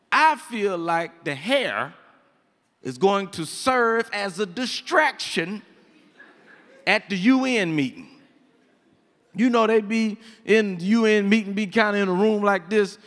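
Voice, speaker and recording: Bright high-voiced stand-up comedian man. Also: long reverb tail. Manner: animated storytelling, acts out voices. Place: comedy stage before a live audience.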